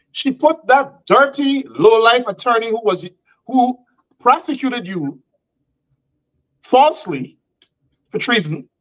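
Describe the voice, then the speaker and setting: A man hosting a talk show, speaking in a combative, defiant way with emphatic, drawn-out words. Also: high voice, a bit bright. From Guyana. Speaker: host. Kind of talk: heated talk show commentary. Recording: dull lo-fi sound.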